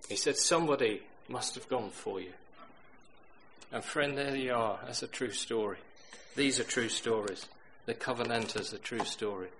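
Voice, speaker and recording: Middle-aged male preacher, mid-pitched, lively sermon storyteller; light noise under the voice. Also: normal speed, poor audio. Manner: storytelling, swings from loud emphatic to quiet.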